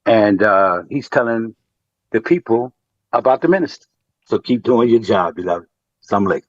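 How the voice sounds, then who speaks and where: A man calling in, speaking earnestly and haltingly with many fillers and restarts, giving a testimony. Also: lowish voice, lively intonation, dry recording, dull audio. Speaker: caller. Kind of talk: testimony on a call-in.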